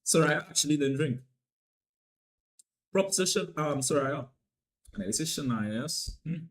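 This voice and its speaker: A young man with a Trinidadian accent chatting casually on a live stream, playful and loose, repeating lines and swinging between loud hype and low mumbling. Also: lively intonation, moderate pace.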